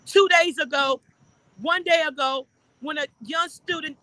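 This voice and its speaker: A woman hosting a live stream delivers the news with earnest emphasis, leaning hard on key points. Her voice sits high and rings bright and forceful. The sound is dry and close. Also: a little slow, dry recording, low-quality recording. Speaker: livestream host and citizen reporter. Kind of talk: live news-style livestream.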